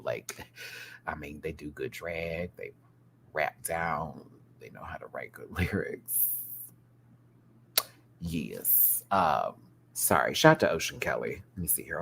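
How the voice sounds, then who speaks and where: Animated man chatting on a live stream. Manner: animated, chatty, expressive pitch swings and laughs. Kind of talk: casual live-stream chat.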